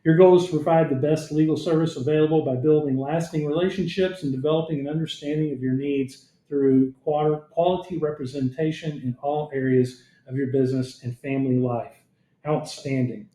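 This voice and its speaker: A man hosts a podcast, speaking briskly in a fairly high, steady, mellow voice. He chats with his guest in a friendly, casual interview style and reads out the guest's background, all with a roomy echo.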